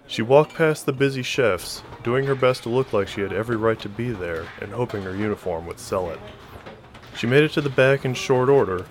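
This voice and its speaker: A man narrating a novel as an audiobook in a steady, even storytelling voice. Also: fairly low pitch.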